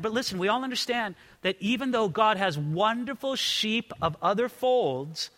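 A man's voice: high voice, bright, forceful tone. A man preaching a sermon as pastor, earnest, often repeating words as he starts a sentence. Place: church sanctuary. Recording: long reverb of a large hall.

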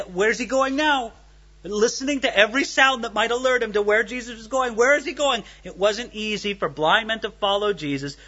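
Here the pastor has a high, bright voice with a forceful edge, and the recording's highs are cut off. Working through scripture verse by verse, he reads each passage and then explains it, dramatizing the speakers as he goes.

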